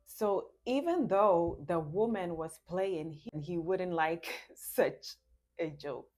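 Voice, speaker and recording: A woman's voice: fairly low pitch, slow pace, darkish tone. A woman giving relationship advice in a casual talk, laughing often and acting out small scenes between a couple.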